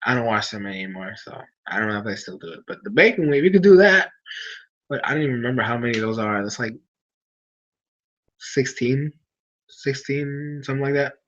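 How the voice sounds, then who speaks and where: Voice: mid-range voice, expressive, brisk, a bit bright. A sleepy streamer chats loosely with viewers, voice sitting in a middle range. The talk rambles and often starts over. The recording is dull and lo-fi. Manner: rambling and chatty, with frequent restarts. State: sleepy, yawning. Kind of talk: casual late-night stream chat.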